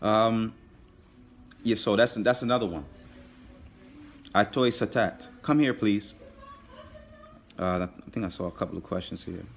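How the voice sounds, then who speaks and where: A man teaching a live online language class, patiently repeating phrases slowly. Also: on the low side, a little hiss or hum.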